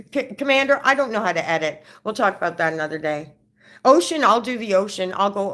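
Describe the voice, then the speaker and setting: A woman's voice: mid-range voice, fairly bright tone. A woman chatting casually on a live stream, reading viewer comments off her phone, rambling and stammering through restarts.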